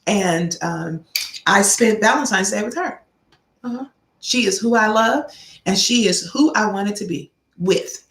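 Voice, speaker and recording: A middle-aged woman hosting a vlog gives her viewers casual motivational life advice in a mid-range, fairly bright voice with lively intonation, never rushing. She tells stories and repeats key phrases like a preacher, and the audio has a roomy echo.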